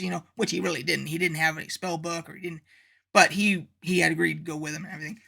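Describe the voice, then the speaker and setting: Gravelly, high-voiced man recapping a game. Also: fast talker, sharp tone. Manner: rambling, profane, lots of fillers. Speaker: game master and channel host. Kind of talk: casual campaign recap.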